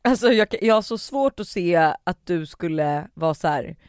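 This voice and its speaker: A woman co-hosting a podcast in casual chat, eager and quick with plenty of fillers. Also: fairly low pitch, expressive, darkish tone, no room sound, studio quality. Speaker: podcast co-host.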